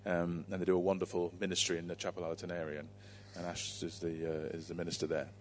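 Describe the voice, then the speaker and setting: A church leader introducing a guest preacher and praying for him, halting with many fillers. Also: male voice, sits low, little pitch movement, slight background noise. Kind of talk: introduction and prayer.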